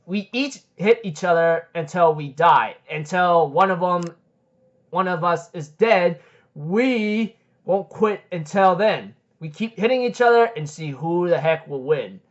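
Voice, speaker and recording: A man's voice: high-pitched, animated, a little slow. A man retelling the threats of a cruel male villain who loves deadly games, in a plain, matter-of-fact way. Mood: menacing. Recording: dull lo-fi recording.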